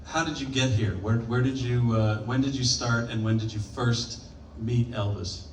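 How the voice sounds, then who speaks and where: A man hosting a panel, introducing guests like an announcer and asking halting questions. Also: mid-range voice, steady tone. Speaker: panel host. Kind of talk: emcee introductions and interview questions. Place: event stage before an audience. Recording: distant echoey hall mic, loud crowd and noise.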